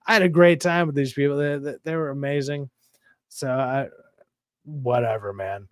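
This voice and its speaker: A man's voice: mid-range voice, normal speed, no room sound, studio quality. A man hosting a stream chat, telling stories casually with lots of swearing and animation. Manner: profane, animated storytelling. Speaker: stream host.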